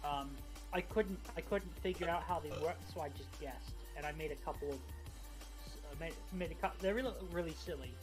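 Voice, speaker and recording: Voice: medium pitch, a little fast, over music. A streamer in casual livestream chat, rambling and cutting himself off mid-sentence. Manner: rambling, self-interrupting.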